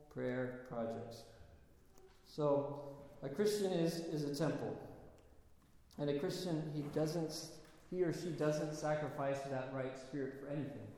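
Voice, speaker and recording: A man preaching a sermon, his fairly high voice ringing through a large hall with a long, echoing reverb. He talks to his listeners like a storyteller and keeps asking them rhetorical questions. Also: slow, long pauses, dark tone. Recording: echoey hall.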